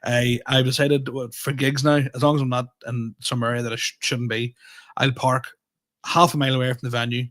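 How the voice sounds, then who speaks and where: A man's voice: medium pitch, fairly quick. Man, Tyrone accent, comedian co-host. Casual, storytelling, acts out dialogue, laughs a lot. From Middle East. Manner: animated storytelling, acting out quoted dialogue, laughing often. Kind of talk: casual chat.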